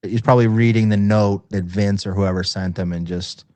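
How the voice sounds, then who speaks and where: Low-voiced man mocking in crude banter. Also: steady tone, normal speed, mellow, dry recording. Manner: mocking, profane. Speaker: stream co-host.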